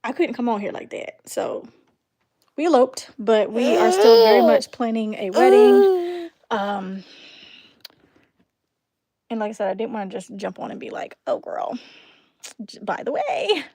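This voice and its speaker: Young mom vlogger, slightly high voice, rambling casual chat full of ums. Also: female voice, very animated, a little slow, long pauses, mellow. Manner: chatty, laughs often, trails off with "um"; talks aside to her toddler in between. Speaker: beauty vlogger and mother.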